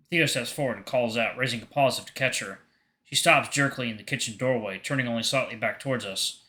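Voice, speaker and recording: A man's voice: medium pitch, quick pace, bright, forceful tone. A man narrating a visual novel aloud in the first person, with wry asides. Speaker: game streamer reading a visual novel.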